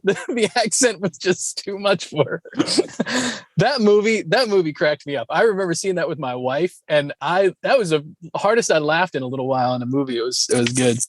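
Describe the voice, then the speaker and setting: A man co-hosting a podcast in casual chat, telling stories in an animated way and laughing often. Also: on the high side, moderate pace, no echo. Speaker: podcast co-host.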